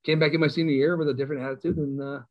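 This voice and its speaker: A middle-aged man, a high school football coach, animatedly telling a self-mocking story in an interview. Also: flat delivery, rapid-fire, lo-fi sound.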